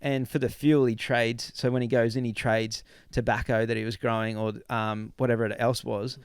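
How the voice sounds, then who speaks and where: A middle-aged Australian man hosting a casual podcast chat, telling a travel story with lively acted-out quotes. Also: mid-range voice, moderate pace, clear, resonant tone, no room sound, studio quality. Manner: animated storyteller, acts out quotes.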